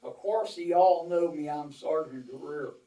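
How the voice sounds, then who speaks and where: A man's voice: a little high, moderate pace, warm tone. An older man telling rambling, folksy war stories to a small audience, quoting others at length. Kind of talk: casual storytelling to a small audience. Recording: roomy, from far off the mic.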